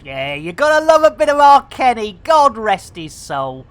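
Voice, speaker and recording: A woman streaming live, chatting casually in a bubbly, jokey way, with bursts of shouting and laughter. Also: on the high side, very animated, moderate pace.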